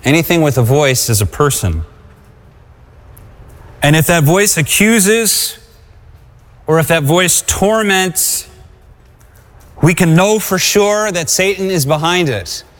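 A man's voice: fairly high pitch, expressive, takes it slowly, long pauses, fairly bright tone. A man preaching a sermon, exhorting and calling on the congregation to answer him. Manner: exhorting, calls for congregation responses. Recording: long hall reverb.

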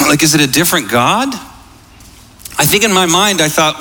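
A man preaching a sermon as a pastor, telling a story with lively, acted-out quotes. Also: a little high, moderate pace, long pauses. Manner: animated storytelling, acts out quotes. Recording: long hall reverb.

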